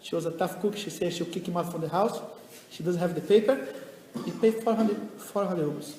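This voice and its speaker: A high-voiced man who is a rabbi, telling stories in a lecture and acting out each character with animated delivery. His voice rings in a roomy hall with a long reverb, and faint noise sits underneath. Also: fairly quick. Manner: animated, acts out the people in his stories, non-native phrasing. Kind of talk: storytelling lecture. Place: lecture venue.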